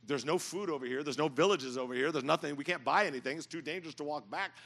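A middle-aged man preaching a sermon in a church, telling stories and building to loud, emphatic points. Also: on the high side, fast, gravelly. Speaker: pastor. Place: church sanctuary.

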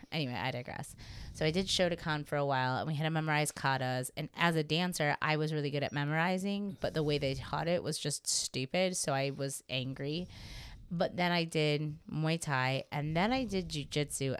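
Casual, rambling podcast chat comes from a young female co-host who laughs a lot and curses without restraint. She speaks low with a clean tone.

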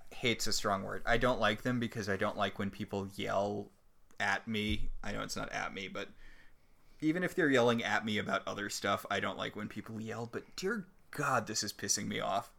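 A man's voice: lowish voice, moderate pace, creaky, a bit bright. A man co-hosting a casual TV recap podcast, ranting and sarcastic about the episode. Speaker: podcast co-host.

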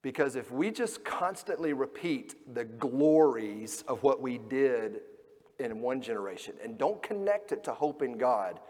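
Pastor preaching in a reverberant hall. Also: male voice, mid-range voice, very animated, measured pace. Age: middle-aged. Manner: storytelling, acting out quoted voices, swings between loud and hushed. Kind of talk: sermon.

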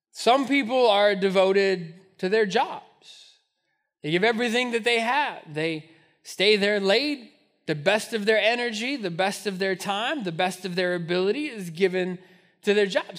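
Man, pastor, high voice, bright and forceful, storytelling sermon, lively humor. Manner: storytelling, animated, laughing at himself. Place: church sanctuary.

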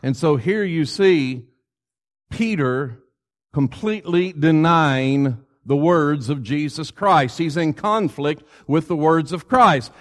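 A man's voice: a little high, slow. A male preacher delivering a sermon, retelling scripture in a conversational, storytelling way.

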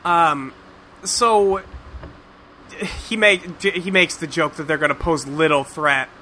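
Podcast host, male, high and bright, profane and rambling, casual chat. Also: steady tone, slow pace, a little hiss or hum. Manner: rambling, profane, lots of fillers. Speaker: podcast host recapping a cartoon.

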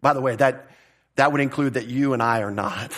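A man's voice: medium pitch, fairly quick, a bit bright. A man preaching an expository sermon, conversational and emphatic, often asking the congregation rhetorical questions. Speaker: pastor.

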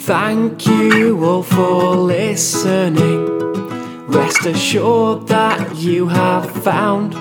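A man playing a lofty outro announcer, speaking with great slowness and grandeur. The voice sits unusually high and drawn out. It is heard over loud plucked guitar music. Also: steady tone. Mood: grandiose.

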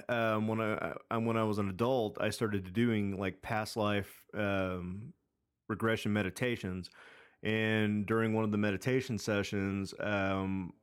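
A man in his thirties tells a long story on a casual podcast, wandering through fillers and restarts. His voice sits low and sounds clean and smooth. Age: 30s. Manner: rambling, many fillers and restarts. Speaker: podcast co-host.

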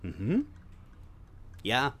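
A man hosting a relaxed podcast chat, wry and laid-back. His voice is bright and forward, and his pitch swings widely as he talks. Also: extremely slow, husky. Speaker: podcast host.

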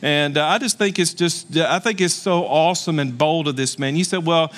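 A male pastor delivering a sermon, retelling a scripture story in an animated way and laughing at his own points. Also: on the high side, normal speed.

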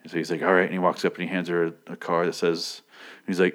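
A man's voice: low voice, monotone, quick pace, fairly bright tone. A man giving a casual, rambling recap of a TV episode, profane and full of joking asides.

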